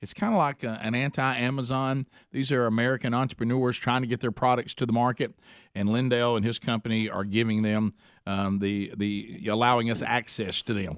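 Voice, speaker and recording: A man's voice: medium pitch, fairly even intonation, fairly quick, clean tone, dry recording. A man hosts a call-in radio show from the studio, easygoing and playful as he moves from sponsor plugs to callers. His voice sits in a middle range. The mic is close and dry, with no room sound. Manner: playful, sings a silly jingle between ads and calls. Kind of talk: casual radio talk, taking calls.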